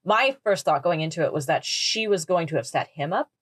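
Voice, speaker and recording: Speaking briskly and with animation, a podcast co-host with a lowish voice works through a horror film in a relaxed conversation. She's analytical and reflective yet quick to laugh, and the audio has no room sound.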